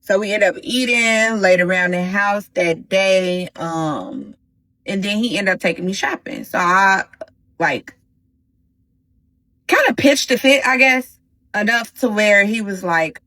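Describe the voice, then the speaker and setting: A woman hosting a casual storytime vlog, talking straight to her viewers in an animated, slangy way. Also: mid-range voice, unhurried, dry recording, rough recording. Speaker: storytime host.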